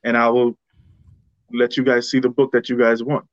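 A man's voice: mid-range voice, little pitch movement, moderate pace, no room sound, muffled recording. A man co-hosting a casual podcast, presenting comic books in a laid-back way and stumbling over names.

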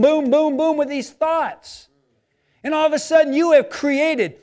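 A man with a notably high voice preaches as a pastor. His delivery is animated and conversational, and he voices people's anxious inner thoughts. He swings from emphatic, loud lines to soft, personal asides. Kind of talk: sermon.

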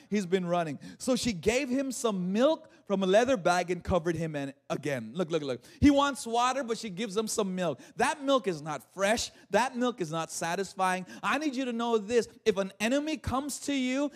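A male pastor preaching a sermon, retelling a scripture story with animated asides, jokes and calls to the congregation. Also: high voice, normal speed.

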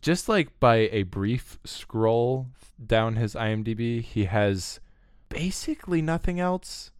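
A man co-hosting a podcast in relaxed, chatty talk with plenty of fillers. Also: lowish voice, slow pace, clean tone, dry recording, studio quality. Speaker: podcast co-host. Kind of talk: casual podcast chat.

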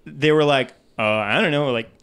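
A man's voice: medium pitch, moderate pace, a bit bright, clear, resonant tone. A young man co-hosting a casual podcast chat, telling a story in a rambling way with lots of ums and uhs. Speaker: podcast co-host.

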